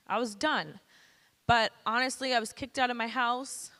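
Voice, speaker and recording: A woman's voice: on the high side, fairly even intonation, moderate pace, bright, forceful tone. Candid woman speaker in an echoey hall. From Canada. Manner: candid, blunt and casual. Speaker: guest speaker. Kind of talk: personal testimony to students. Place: school presentation hall.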